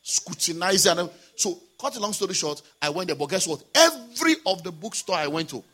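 Animated Nigerian pastor preaching. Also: male voice, high voice, a little fast, breathy edge. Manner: animated, swings from hushed to shouting. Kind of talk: sermon with storytelling.

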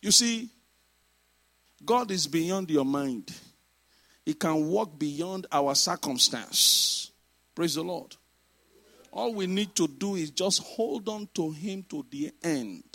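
A man preaching a sermon, emphatic, moving between shouted exhortations and quiet asides. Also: fairly high pitch, lively intonation, takes it slowly, long pauses.

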